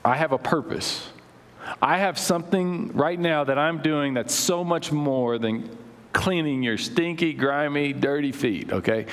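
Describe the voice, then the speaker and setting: A man voicing Jesus as a patient male teacher, speaking slowly and softly to reassure. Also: a little high. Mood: gentle. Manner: slow, soft and reassuring. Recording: reverberant church hall.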